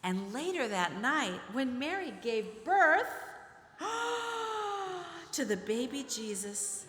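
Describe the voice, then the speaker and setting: A woman leading a children's pageant, telling the story in an animated way and directing the children as she goes. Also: on the high side, unhurried. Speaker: religious education leader narrating a pageant. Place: church sanctuary. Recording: reverberant church hall with music. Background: music.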